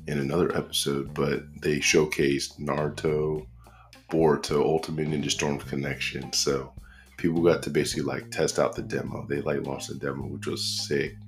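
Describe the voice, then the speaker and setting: A man hosting a casual solo podcast, talking in a laid-back, slangy way, with lots of "bro" and "like". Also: rumbling low. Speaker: podcast host. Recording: faint guitar music behind.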